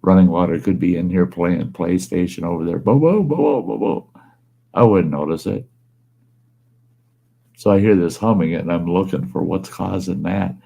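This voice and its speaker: A man with a deep, gravelly voice spins a casual, rambling yarn from his home. His tone is dark and mellow, and he talks in a plain, folksy way as the host of his own storytelling show. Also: little pitch movement, normal speed. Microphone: wearing earbuds.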